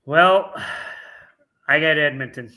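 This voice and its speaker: Bright-voiced man co-hosting sports talk. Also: a little high. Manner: quick asides and wisecracks. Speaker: sports show co-host. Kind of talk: casual sports picks chat.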